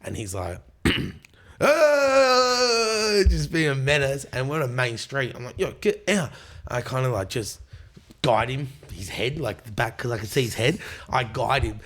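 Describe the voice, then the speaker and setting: This is a young Australian man talking casually on a podcast. He spins a rowdy story and curses often. He slips into quick impressions of his friends along the way. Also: mid-range voice, lively intonation, a bit bright, slightly rough. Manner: swears a lot, acts out quotes. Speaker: guest.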